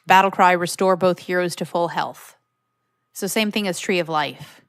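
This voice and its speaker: A woman's voice: on the low side, normal speed, dry recording, clean studio sound. A woman co-hosting a podcast, reading out card details and explaining background lore in casual chat. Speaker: podcast co-host.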